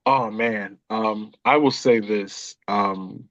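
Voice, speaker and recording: A man's voice: lowish voice, slow pace, dry recording. A man, a podcast guest telling a personal story in a conversational way and acting out the voices of the people in it. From Atlanta, USA. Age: 50s. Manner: animated storyteller who acts out quoted voices. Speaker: guest, author and chess coach.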